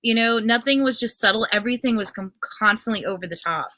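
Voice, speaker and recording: A woman's voice: fairly high pitch, quick pace, crowd noise. A woman co-hosting a casual book chat, giving blunt, exasperated opinions with some hesitation. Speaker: co-host.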